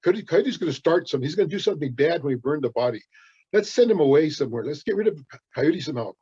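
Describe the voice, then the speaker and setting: A man's voice: fairly high pitch, expressive, fast, warm tone, husky. A man voicing a group of village people who coax and call out to a trickster, in a dull lo-fi recording. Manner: coaxing, calling out. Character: worried village people plotting together.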